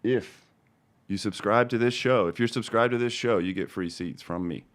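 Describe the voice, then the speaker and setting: A man's voice: on the low side, moderate pace. A middle-aged man from Denver hosting a cannabis seed show, talking casually and swearing constantly. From Denver, Colorado. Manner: profane, angry ranting that turns calm and chatty. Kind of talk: casual ranting livestream talk.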